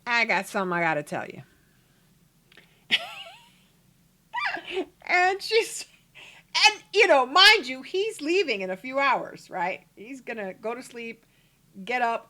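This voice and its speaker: High animated woman gaming host. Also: slow, pauses often. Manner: chatty, laughing, animated. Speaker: let's play host. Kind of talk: casual gameplay commentary.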